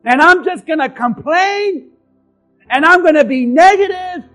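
A man putting on the voice of a complaining woman in a sermon, mocking and shouting her gripes. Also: very high voice, lively intonation, measured pace, soft background music, voice pushed up, heavily acted. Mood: whiny. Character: whiny complaining woman, Martha.

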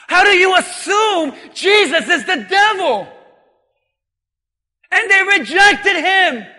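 A pastor with a high, piercing voice preaches slowly and emphatically, frequently shouting and calling on the congregation to respond. His sermon echoes through a large, reverberant hall.

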